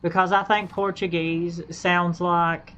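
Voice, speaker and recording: Woman streamer thinking out loud, keeps restarting, kinda low voice, dull lo-fi mic. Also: flat delivery, slight background noise. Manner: halting, repeats and restarts phrases. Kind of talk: casual rambling chat while gaming.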